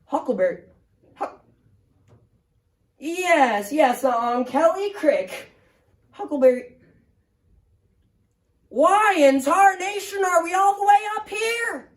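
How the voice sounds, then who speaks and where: A man's voice: extremely high pitch, animated, slow, pauses often, voice pushed up, heavily acted. A man voicing a cranky, forgetful hundred-year-old man who rambles through his old stories in a quavering old-timer twang. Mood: confused, suspicious. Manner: crotchety, easily offended, repeats his stories. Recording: roomy, distant mic.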